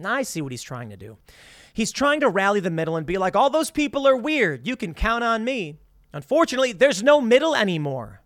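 A man talking through the news on his own show, reading quotes and answering them with sarcastic asides. His voice sits high and swings widely as he goes. The sound is close and dry. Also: no echo. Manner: animated, sarcastic, reads quotes aloud and reacts. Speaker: political commentary host. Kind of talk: solo political commentary.

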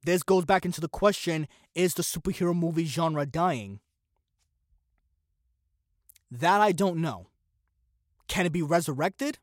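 A man's voice: on the high side, lively intonation, normal speed, dry recording, studio quality. A man hosting a solo commentary podcast, opinionated and sarcastic, firing off one rhetorical question after another. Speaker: podcast host.

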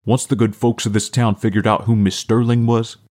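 A man's voice: fairly low pitch, little pitch movement, brisk, darkish tone, natural voice. A man reading as a stiff, impatient town mayor. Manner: formal, impatient. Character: middle-aged slender male small-town mayor, stiff and impatient. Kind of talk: audiobook character reading.

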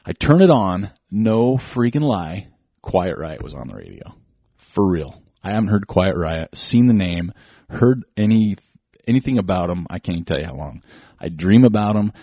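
A middle-aged man hosting a podcast, telling a story in a rambling, excitable way. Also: deep voice, normal speed, no room sound, dull audio. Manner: rambling, excitable, strings events together with "so". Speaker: podcast host. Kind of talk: casual storytelling monologue.

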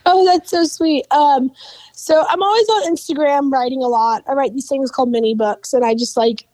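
A woman's voice: high voice, moderate pace, a little mellow, no room sound, low-quality recording. A woman in her twenties, a podcast guest chatting casually about faith and life, who says "like" constantly. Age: 20s. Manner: chatty, fills with "like" a lot. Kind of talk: casual faith-based chat.

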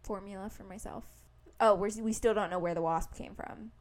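Medium in pitch and moderate in pace, a young woman spins an animated story while co-hosting a laid-back podcast. She voices the quotes herself, and "like" pops up constantly.

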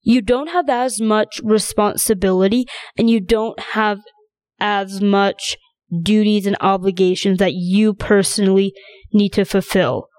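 A woman's voice: medium pitch, steady tone, measured pace, darkish tone, dry recording. A young woman hosting her own podcast, rambling in a casual, chatty way with plenty of fillers. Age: young adult. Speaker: podcast host. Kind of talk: casual solo chat.

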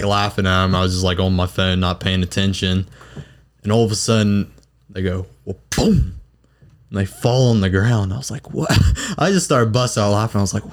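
Young man, low voice, podcast guest, filler-heavy, laughing storytelling. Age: young adult. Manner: animated storytelling, laughing, lots of "like". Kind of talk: casual chat.

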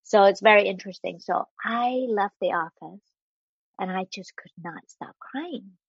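A woman guest speaking candidly and earnestly about a hard personal experience, with halting restarts as she talks. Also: medium pitch, vocal fry, husky, no echo, highs cut off. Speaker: interview guest. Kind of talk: candid personal storytelling in conversation.

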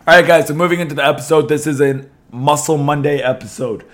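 Slightly hoarse man hosting a podcast. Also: on the high side, fast. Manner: chatty, many ums and restarts. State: losing his voice a little. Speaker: podcast host. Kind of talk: casual podcast talk.

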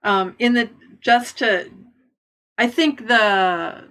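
A woman sharing her views in a casual movie chat. Her voice is fairly high and bright, and she feels her way forward, restarting her sentences as she thinks. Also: drawn-out words. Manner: hesitant, restarts, thoughtful.

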